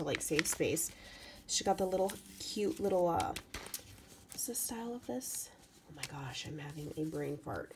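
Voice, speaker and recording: A woman doing a casual craft unboxing vlog, chatty and gushing, her voice going hoarse. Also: medium pitch, darkish tone, a little hiss or hum. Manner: gushing, chatty, lots of "so cute" and "you guys". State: voice getting hoarse. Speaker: craft vlogger opening mail.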